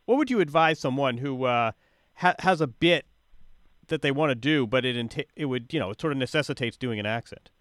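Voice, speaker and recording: A man interviewing a guest, asking questions in a halting way and often repeating words. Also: mid-range voice, lively intonation, a bit bright, dry recording, studio quality. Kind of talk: conversational interview.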